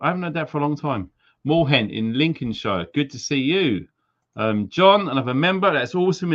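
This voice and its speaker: A man's voice: fairly high pitch, a bit bright. Chatty man hosting a live stream. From Wales. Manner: chatty, jokey, slips into silly accents. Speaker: livestream host. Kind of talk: casual live-stream shout-outs. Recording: slightly dull lo-fi stream audio.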